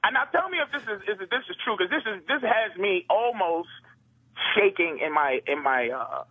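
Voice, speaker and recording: A man's voice: high voice, expressive, moderate pace, no room sound, narrow, tinny audio. A man calling in to a radio show, joking in a rambling, wry way. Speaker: guest calling in. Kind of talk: casual radio banter.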